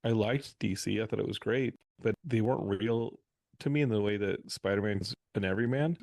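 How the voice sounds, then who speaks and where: A man on a podcast as a guest, telling animated stories in a casual interview. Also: lowish voice, a little fast, vocal fry, no echo. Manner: animated anecdotal storyteller.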